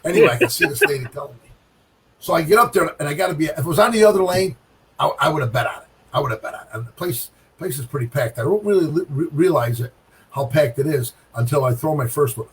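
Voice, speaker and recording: A middle-aged man telling a bowling story in casual chat, animated, with sound effects and repeated phrases. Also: on the high side, husky, distant mic, rough recording. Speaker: guest pro bowler.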